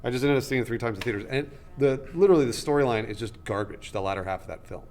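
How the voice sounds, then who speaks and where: A man co-hosting a casual movie podcast, blunt and quick to agree. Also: medium pitch, lively intonation, a little mellow. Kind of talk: casual film chat.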